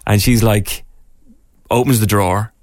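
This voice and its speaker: A man's voice: on the low side, steady tone, measured pace, darkish tone, no room sound, clean studio sound. A man with an Irish accent, a radio host in his thirties chatting casually and telling jokey stories. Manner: jokey storyteller, acts out voices in anecdotes. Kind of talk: casual podcast banter. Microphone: studio mic.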